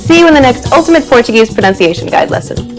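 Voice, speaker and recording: Lively woman narrating a lesson over music. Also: sits high, fast, low-quality recording. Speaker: pronunciation narrator. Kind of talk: scripted narration.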